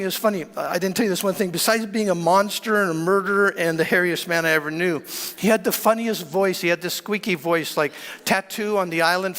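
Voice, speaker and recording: A man preaching and telling a personal testimony in a dramatic, animated way, often stammering and repeating words. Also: high-pitched. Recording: long hall reverb.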